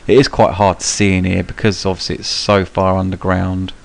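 Young man, lowish voice, gameplay tutorial commentary, rambling with lots of ums, cheeky and sweary. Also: flat delivery, a little fast, vocal fry. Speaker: gaming channel host.

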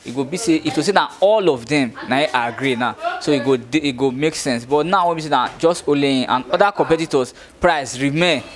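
Nigerian male host, chatty market-update vlogger, mid-pitched voice, talks to the viewers. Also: a little fast, few pauses. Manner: chatty, addresses viewers directly. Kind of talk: casual interview and update in Pidgin.

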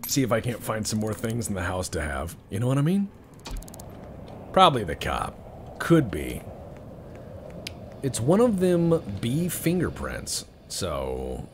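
Young male gamer, joking commentary, swooping pitch, noisy recording. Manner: joking, mutters to himself. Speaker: let's-play gamer. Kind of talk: casual game commentary.

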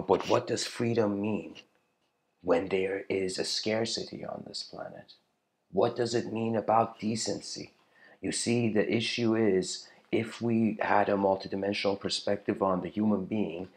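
A man giving a casual spiritual lecture, rambling, with frequent "you know"s and throat-clearing. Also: sits low.

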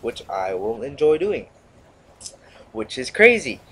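A man's voice: medium pitch, big pitch swings, takes it slowly, fairly bright tone, breathy edge. A teenage male gamer giving casual, rambling commentary over his gameplay, sarcastic and often cutting himself off. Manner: rambling, sarcastic, self-interrupting. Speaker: gaming commentator.

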